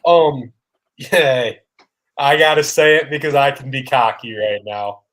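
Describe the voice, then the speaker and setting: A man co-hosting a casual sports podcast, going over results in a halting way with many ums. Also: medium pitch, fairly bright tone, poor audio. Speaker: podcast co-host.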